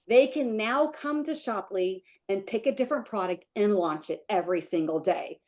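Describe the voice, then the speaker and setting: A woman leading a team meeting on a video call, giving an emotional, gushing motivational pep talk. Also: normal speed. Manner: gushing, emotional, breaks into high excited chants. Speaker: team leader hosting a sales meeting.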